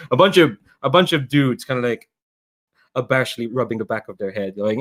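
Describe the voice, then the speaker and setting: A man's voice: medium pitch, fast, fairly bright tone. A man running a tabletop game as game master, rambling casually and often laughing.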